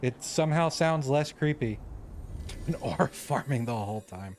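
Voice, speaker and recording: A man's voice: medium pitch, lively intonation, measured pace, a little mellow, a little hiss or hum. An American man streaming a video game, chatting casually and reading in-game lore aloud, laid-back and a bit profane. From United States.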